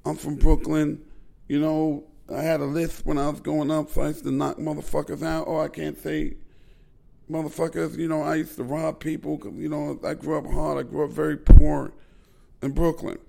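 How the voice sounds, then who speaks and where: A man doing a loud, brash boxer bragging. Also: little pitch movement, normal speed, gravelly. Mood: boastful. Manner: loud, boastful, pitched up high. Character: brash boastful male boxer from Brooklyn.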